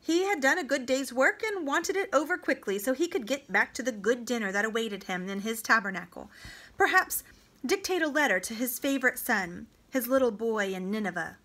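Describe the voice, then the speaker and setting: A woman reading a novel aloud to students, with a deliberate, dramatic delivery. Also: on the high side, a bit bright. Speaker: reader for homeschool students.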